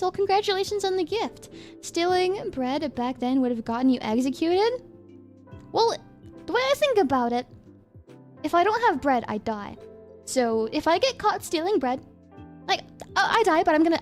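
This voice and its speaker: Young woman, high voice, giggly rambling stream chat, faint music under it. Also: a little mellow. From United States. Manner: giggly, rambling, quick asides. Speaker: VTuber streamer. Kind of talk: casual chat reading viewer comments.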